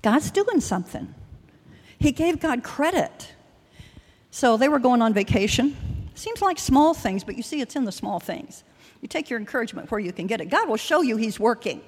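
An older woman delivers an earnest sermon and personal testimony at a church service, her high-leaning, slightly mellow, husky voice swinging widely in pitch at normal speed. She rambles at times with restarts and fillers, and a long hall reverb colors the recording.

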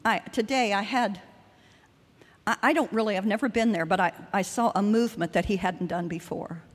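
A woman's voice: mid-range voice, moderate pace. Older lady preaching at church, earnest, rambly, lots of restarts, big echoey hall. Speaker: speaker at a church service. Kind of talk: sermon with personal testimony. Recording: long hall reverb.

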